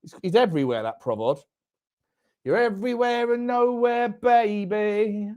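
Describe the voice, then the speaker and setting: A fairly high-voiced man hosts a football watchalong. He chats loosely with viewers, reads out their comments and swings into loud, excited shouts at the referee and near misses. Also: unhurried, dull audio. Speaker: fan watchalong host.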